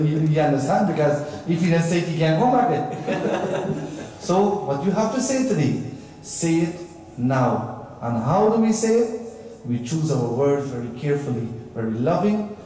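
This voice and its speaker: Male pandit, sermon, storytelling, mellow tone, distant mic, very echoey hall. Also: on the high side. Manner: storytelling, explaining Hindi verses in English. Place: temple hall.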